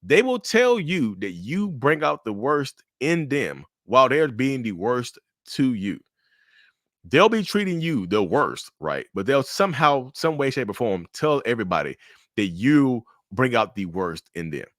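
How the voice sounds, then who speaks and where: A man giving blunt, animated commentary to camera about relationships. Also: mid-range voice, measured pace, no room sound, clean studio sound.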